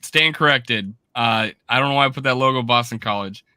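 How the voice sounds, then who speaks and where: A man guesting on a casual sports podcast, quick to poke fun at himself and tripping over his words. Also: mid-range voice, clean tone, no echo. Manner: self-deprecating, animated, trips over words.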